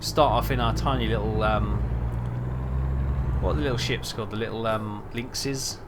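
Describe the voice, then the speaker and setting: A man's voice: on the low side, fairly even intonation, moderate pace, heavy background noise. A man streaming a trucking game, rambling and thinking aloud with lots of fillers. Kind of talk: casual gameplay chat.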